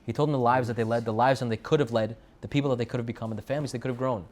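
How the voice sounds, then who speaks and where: A man's voice: medium pitch, fairly even intonation, very fast, darkish tone. Man preaching a storytelling sermon. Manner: storytelling with repeated phrases and Hebrew terms. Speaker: rabbi giving a Torah talk. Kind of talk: sermon to students.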